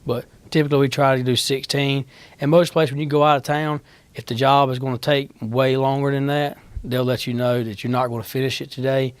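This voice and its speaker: A man's voice: mid-range voice, level tone, fairly quick, clean tone, no echo. A man, a utility line crew worker answering interview questions in a plain, practical, matter-of-fact way.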